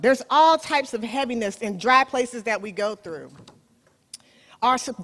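Animated woman preaching in an echoing hall. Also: medium pitch. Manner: animated storytelling, addresses listeners directly. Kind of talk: sermon.

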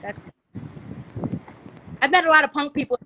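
A young woman from the DMV area, a music artist who talks in a brash, animated way and laughs often. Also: high voice, normal speed, a little hiss or hum. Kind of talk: casual interview chat.

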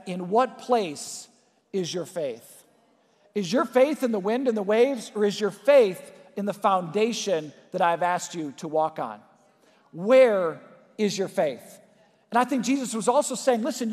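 A man preaching a sermon in earnest, dropping to soft, slow emphasis on key lines. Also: high voice. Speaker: pastor. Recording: long reverb in a large hall.

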